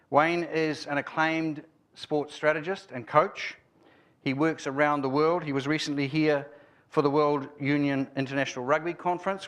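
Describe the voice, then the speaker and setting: A man's voice: on the high side, fairly bright tone. A man opening a conference and formally introducing the guest speaker. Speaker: conference host.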